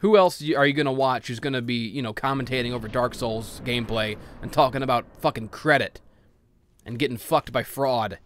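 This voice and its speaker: A man's voice: medium pitch, steady tone, brisk, fairly bright tone, slight background noise. A man ranting in grumbly, profane, casual gameplay commentary.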